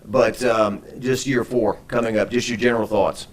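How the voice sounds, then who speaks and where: A man's voice: on the low side, fairly even intonation, normal speed. Upbeat jokey male sports interviewer.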